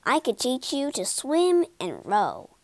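Woman voicing a brisk, eager storybook water rat. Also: high-pitched, huge pitch swings, no room sound, full character voice. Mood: kindly. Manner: brisk and eager, shouts in anger. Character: bold, loyal male water rat.

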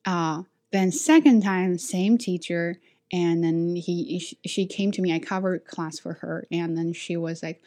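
A woman who speaks English as a second language, her first being Chinese, telling stories from her work as an ESL teacher in a frank, self-assured way and acting out quotes with a raised voice. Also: measured pace. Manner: animated, acts out quotes with high voices. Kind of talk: casual storytelling.

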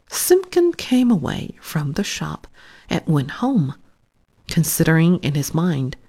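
A woman reading a children's story aloud in a soft, hushed, whispered storytelling voice. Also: mid-range voice.

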